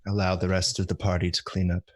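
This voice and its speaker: A man playing a tabletop game, slowly narrating his character's actions. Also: deep voice, monotone, no echo. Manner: slow, measured narration. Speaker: player.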